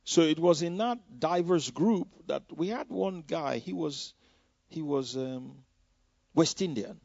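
A man's voice: on the high side, unhurried, vocal fry, darkish tone, no echo. A man from Nigeria, preaching a personal testimony in a loose, conversational way with many "you know" asides. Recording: dull, dry lo-fi recording.

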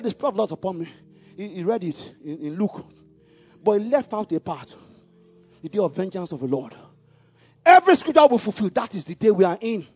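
A man preaching a sermon in a high, husky voice. He drops into quiet, musing asides and then climbs into loud, fervent exhortation, laughing often between lines. The recording sounds a bit dull, with faint music behind him. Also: sing-song, fairly quick, long pauses.

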